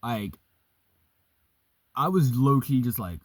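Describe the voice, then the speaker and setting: A young man casually telling a story, profane and animated, vaping as he talks. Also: medium pitch, takes it slowly, long pauses, dry recording, studio quality. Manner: vaping while talking.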